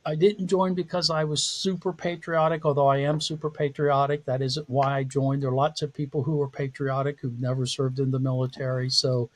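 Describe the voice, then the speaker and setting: A man's voice: mid-range voice, little pitch movement, a little fast, few pauses. A man speaking as a podcast interview guest and psychology professor, telling his career story in a candid, self-deprecating way with frequent laughs.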